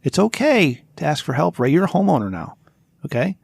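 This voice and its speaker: A gravelly, slightly higher-pitched man scolds his co-host with mock-stern advice on a casual podcast. He keeps repeating his friend's name, and the sound is dry and close. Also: sing-song, fairly quick, dry recording.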